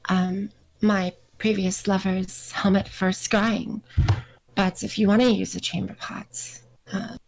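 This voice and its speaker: Brief: a mid-pitched woman player chatting casually and playfully at the table. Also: flat delivery, slow pace, creaky, darkish tone, rough recording. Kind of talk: casual chat.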